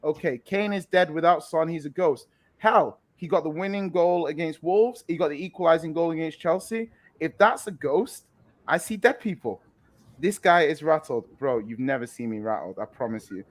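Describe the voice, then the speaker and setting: A man with a high voice argues football in heated casual banter. He teases his co-hosts with quick comebacks and reads viewer comments aloud as he goes. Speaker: football podcast panelist.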